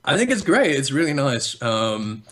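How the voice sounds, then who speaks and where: An Australian man chatting as a podcast guest, articulating deliberately like a trained voice, with frequent restarts and fillers. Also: medium pitch, sing-song, a bit bright. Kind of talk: casual podcast chat.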